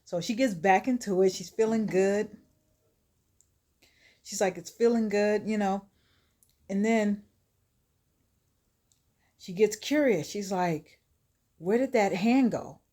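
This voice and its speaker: A woman's voice: mid-range voice, dark tone. Chatty woman telling a story. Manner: chatty, laughs often, asides to viewers. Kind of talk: casual spoken storytelling.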